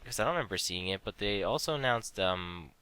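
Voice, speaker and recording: Bright-voiced hesitant young man, lower pitch. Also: expressive, a little fast, clean tone, no echo. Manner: hesitant, lots of ums, trailing off quietly. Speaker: podcast co-host. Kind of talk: casual gaming podcast chat.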